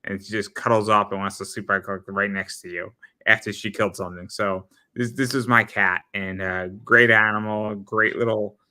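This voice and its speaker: A man guesting on a casual podcast, talking in an easygoing, halting way. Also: on the low side, fairly even intonation, pushed and bright. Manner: halting, easygoing, restarts sentences. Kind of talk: casual chat.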